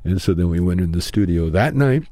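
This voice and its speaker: A man's voice: sits low, lively intonation, fairly quick, warm tone, no room sound. An older man, a comedian guest, telling a rambling anecdote in a laid-back way and acting out the voices in his story.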